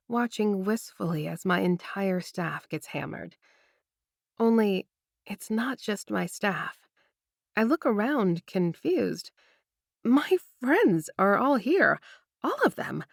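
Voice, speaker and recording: A woman reading a first-person romance audiobook with intimate, expressive storytelling. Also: mid-range voice, vocal fry, dry recording, clean studio sound. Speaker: audiobook narrator.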